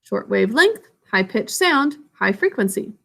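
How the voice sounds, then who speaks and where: Slow, patient woman teacher. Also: a little high, sing-song, gravelly, sharp tone. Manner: slow, patient explaining to children. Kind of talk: classroom science lesson.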